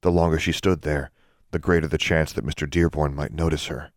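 A man reading a fantasy audiobook in a steady, measured way. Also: rumbling low, no room sound, clean studio sound. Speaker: audiobook narrator. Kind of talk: scripted narration.

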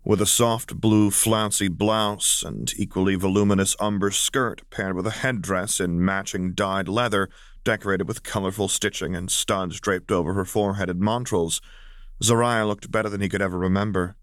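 A man reading a fan fiction audiobook in a measured storytelling manner. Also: deep voice, fairly even intonation, a bit bright, no room sound, studio quality. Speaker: audiobook narrator.

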